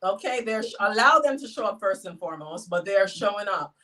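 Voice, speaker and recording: A woman guest telling personal stories in a casual, emotional, animated way, with wide swings in how she speaks. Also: mid-range voice, brisk, a loud crowd. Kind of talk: casual storytelling. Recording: voice a bit far from the mic.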